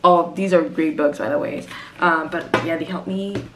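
A woman's voice: sits low, fairly even intonation, normal speed, noisy background. A woman, talking casually to camera about arranging music, rambling and interrupting herself. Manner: rambling, chatty, self-interrupting. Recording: roomy echo.

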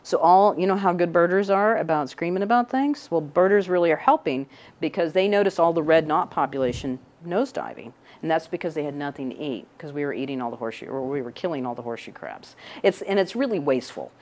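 This woman's voice is low-pitched and darkish, and she speaks at a quick pace. She's a middle-aged scientist giving a relaxed, conversational talk to young people in a room with a couch, regularly asking "right?"

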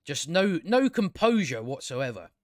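Exasperated, sarcastic man, higher-pitched. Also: big pitch swings, unhurried, dry recording, clean studio sound. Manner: exasperated, sarcastic, swears a lot, many restarts. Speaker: video reviewer. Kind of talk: casual rambling review.

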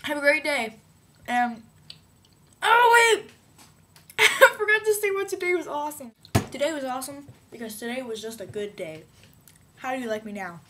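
A woman's voice: high-pitched, expressive, normal speed, pushed and bright, a little hiss or hum. A woman rambling playfully in a casual video diary, giggling often. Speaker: vlogger.

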